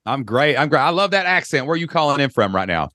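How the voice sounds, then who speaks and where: A man's voice: fairly high pitch, big pitch swings, fast talker, pushed and bright, dry recording, clean studio sound. A man with a Kentucky accent hosting a podcast call-in show, talking in an enthusiastic, folksy and joking way. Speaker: podcast host. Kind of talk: energetic podcast call-in chat.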